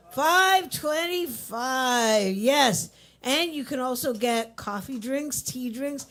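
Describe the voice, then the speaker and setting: A woman hosting a live open mic in a coffee shop, chatty and upbeat as she plugs the drinks and introduces the next act. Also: fairly high pitch.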